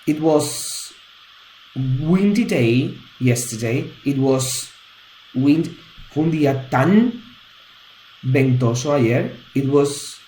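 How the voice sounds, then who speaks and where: Slow, patient male English teacher. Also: medium pitch, darkish tone, reverberant, a little hiss or hum, poor audio. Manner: patient, explains step by step. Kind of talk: grammar lesson.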